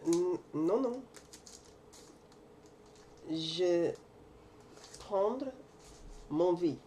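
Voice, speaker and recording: Brief: low, unhurried woman, mellow tone, playful card-opening banter. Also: lively intonation, slight background noise. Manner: playful, joking in clumsy French. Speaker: card collector opening packs. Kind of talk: casual box-break chat.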